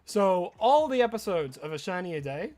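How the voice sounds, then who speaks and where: Australian man with a slightly American edge, casual streamer chatting to viewers, high and bouncy pitch. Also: sing-song, moderate pace, darkish tone. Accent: Australian with some American. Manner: chatty, answers viewer questions as they come. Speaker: live streamer. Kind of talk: casual live-stream chat.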